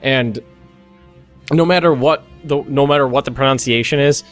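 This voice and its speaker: A young American man at a moderate pace and in a mid-range voice gives casual commentary on a strategy game for a let's play. He thinks aloud, restarts often, and wanders into asides, and faint music can be heard behind him.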